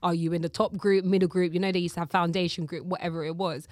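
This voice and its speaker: A woman's voice: fairly low pitch, quick pace, no room sound, studio quality. A young woman from Jamaica touched by speech, chatting as an interview guest, laughing often and acting out her stories. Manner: lively storyteller, laughs often, acts out quotes. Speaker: guest, live host and presenter. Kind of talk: casual interview chat.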